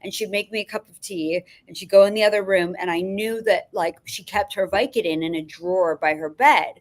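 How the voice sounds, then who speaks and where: A woman's voice: mid-range voice, brisk. Woman, filmmaker guest, casual storytelling, profane, laughs often. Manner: profane, laughing, rambling anecdotes.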